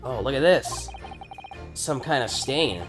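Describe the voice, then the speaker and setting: An eager young lawyer, read by a man in his own voice, works through the evidence in plain, steady speech, at a middling pitch. Game music plays underneath. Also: slow. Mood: investigating. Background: video game music.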